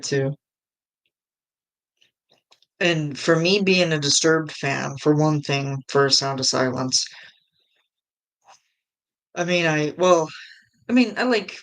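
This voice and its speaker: An adult livestream host chatting casually with viewers, enthusiastic and quick to giggle. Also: mid-range voice, fairly bright tone.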